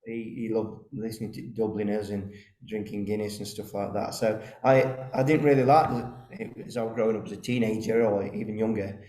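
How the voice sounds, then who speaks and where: A man's voice: fairly low pitch, fairly even intonation, fairly quick, hardly any pauses, dark tone. A man, a band's lead singer telling rambling anecdotes in a casual interview from a rehearsal room. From East Midlands, England. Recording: roomy rehearsal room echo.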